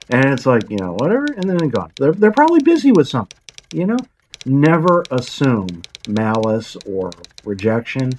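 A woman's voice: a bass voice, very animated, normal speed, pauses often, a little mellow, slight background noise, poor audio. A woman hosting her channel, rambling through a casual monologue with blunt, self-deprecating asides and the odd swear. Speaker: channel host.

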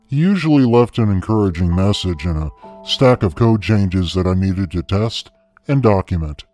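A man reading his short story aloud in a calm, matter-of-fact manner. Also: deep voice, normal speed, faint music behind. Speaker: story contributor.

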